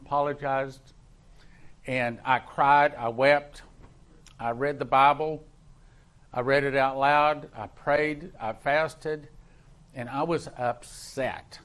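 A man with a medium-pitched, fairly bright voice preaches as a pastor, sharing a personal story. He grows more intense as he goes, stressing points with emphatic, repeated words.

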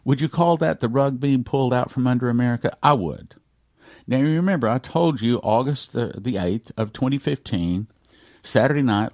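A male pastor delivers a radio sermon with earnest conviction. His mid-range voice rises into loud emphasis, then sinks to hushed, near-whispered lines. The recording is dry and close, with no room sound. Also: mid-range voice, animated, moderate pace, no room sound.

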